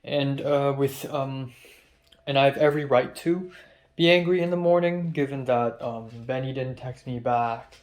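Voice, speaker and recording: Young male vlogger, mid-pitched voice, angry and profane confessional rant. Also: a little slow, darkish tone. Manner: agitated, profane ranting. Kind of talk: confessional video diary. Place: his apartment, indoors.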